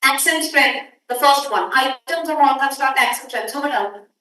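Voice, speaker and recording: A high-pitched woman leads a workshop in a brisk, directive way and keeps pressing her students to move quickly. Her voice is picked up from a distance and rings through a very echoey room. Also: sharp tone. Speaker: workshop instructor. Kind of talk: classroom lecture. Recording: echoey room audio from far off.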